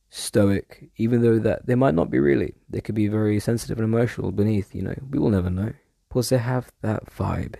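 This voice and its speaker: Man, casual monologue, mellow gravelly delivery, digressive and loose, dry sound. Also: fairly low pitch, dry recording. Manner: rambling, digressive, casually swearing.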